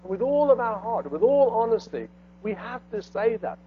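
A man preaching a sermon, swinging between loud emphatic lines and hushed low phrases. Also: expressive, moderate pace. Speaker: pastor. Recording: dull lo-fi sound with faint mains hum.

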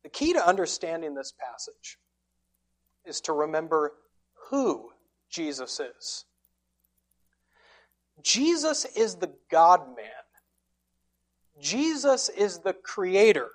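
A woman delivers a sermon at an unhurried, deliberate pace. Her voice sits low for a woman, and she tells the story dramatically, rising to forceful lines and then dropping to a hush. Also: sing-song. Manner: dramatic storytelling, swings between loud and hushed. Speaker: preacher.

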